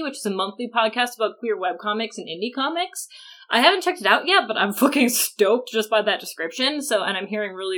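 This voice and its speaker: A young woman co-hosting a podcast with a fairly high voice. She talks in a lively, jokey way and swears freely as she reads out plugs and banters. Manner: animated, profane, jokey. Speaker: podcast co-host. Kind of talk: casual podcast chat.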